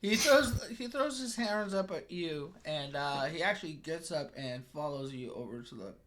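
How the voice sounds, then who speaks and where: A man's voice: fairly high pitch, animated, moderate pace, background noise. A man narrating a tabletop game as game master, rambling with many fillers.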